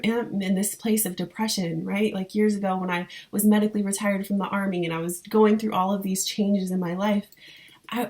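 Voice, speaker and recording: Earnest woman giving heartfelt encouragement. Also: mid-range voice. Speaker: spiritual business coach. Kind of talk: motivational vlog talk to viewers.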